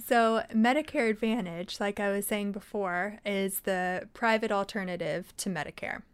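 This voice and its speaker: A young adult woman, a think tank vice president, explaining policy points clearly and steadily as an interview guest. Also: mid-range voice. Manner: articulate, explanatory, measured.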